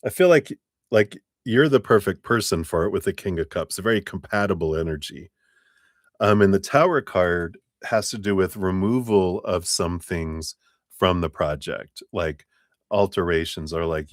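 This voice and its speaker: A man with a very low voice gives tarot readings on a live stream, talking in a chatty, meandering way and laughing often. The sound is dry and close, with no room around it. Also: normal speed, no room sound. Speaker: tarot reader.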